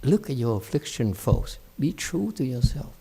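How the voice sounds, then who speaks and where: Blunt, scolding monk with lively pitch. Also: male voice, moderate pace, gravelly, husky. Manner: blunt, scolding and mocking, with laughs. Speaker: Buddhist monk teaching a meditation class. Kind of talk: dharma talk. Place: meditation center.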